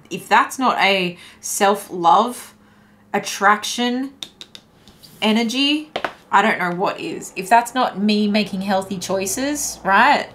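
A woman reads tarot cards in a relaxed, musing way, thinking aloud and circling back over her phrases. Her voice sits at an ordinary pitch for a woman. Faint noise runs in the background. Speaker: tarot reader. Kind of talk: casual tarot reading to camera.

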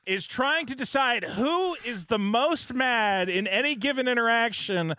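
A man co-hosting a casual podcast, ranting in an animated way and acting out online arguments. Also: very high-pitched, measured pace, smooth. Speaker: podcast co-host.

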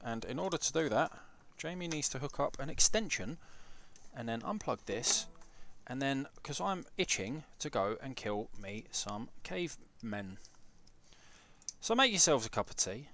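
A man in his twenties or thirties streams a game from home, chatting loosely with viewers. He swears freely and cracks jokes while fiddling with cables and menus. His voice sits at an ordinary middle pitch. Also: lively intonation, measured pace, sharp tone, slight background noise. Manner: chatty, sweary, jokey, talks to chat while fiddling with setup. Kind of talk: casual live gameplay commentary. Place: home room with PC setup.

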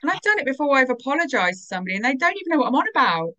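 Animated woman, quick inner dialogue. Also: high voice, muffled recording. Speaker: podcast guest. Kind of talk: casual conversation.

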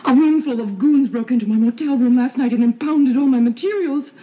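May Olinsky, a tearful high-voiced researcher. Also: female voice, expressive, normal speed, slight background noise. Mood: distraught. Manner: melodramatic, tearful outbursts. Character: distraught woman researcher, dramatic and tearful. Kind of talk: 1970s TV soap acting.

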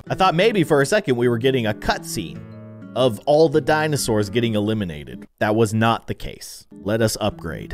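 A young man giving playful let's-play commentary on a video game, swinging from loud excited outbursts to mumbled asides. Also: mid-range voice, a little fast, faint music behind. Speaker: gaming YouTuber.

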